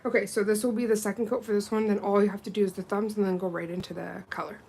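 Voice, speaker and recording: A woman's voice: mid-range voice, fast, a little hiss or hum, low-quality recording. A woman doing nails and chatting casually on a livestream while she works. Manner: chatty, with lively quoted voices. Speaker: nail technician.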